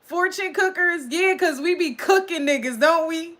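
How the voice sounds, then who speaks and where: A woman with a very high voice hosts a casual livestream recap at moderate pace, chatting loudly and excitedly with her chat and reading their comments aloud.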